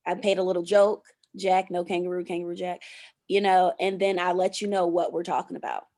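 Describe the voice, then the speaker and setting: A woman's voice: lowish voice, little pitch movement, brisk, warm tone. A woman coaching a student on podcast intros, explaining patiently and acting out playful sample openings. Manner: encouraging, explains with playful acted examples. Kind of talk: coaching, giving example intros.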